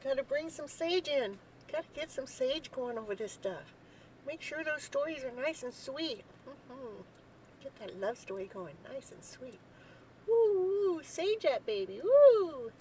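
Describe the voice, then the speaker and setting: A woman hosting a live tarot reading stream, chatting casually, joking and breaking into whooping cheers, then dropping to soft murmurs. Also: high voice, lively intonation, moderate pace, slight background noise, rough recording. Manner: talks softly while eating, then bursts out loud. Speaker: live tarot reader and show host.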